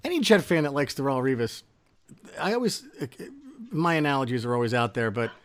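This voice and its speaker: A man co-hosting a sports podcast, talking in casual chat and going off on animated rants. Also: mid-range voice, fairly quick. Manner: ranting, animated complaints. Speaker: podcast co-host.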